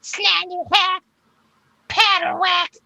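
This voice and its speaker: A man's voice: level tone, slow, gravelly, bright, forceful tone, dry recording, exaggerated voice. A man voicing a greedy female cave creature who shrieks in broken phrases. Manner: high, shrieking, broken speech.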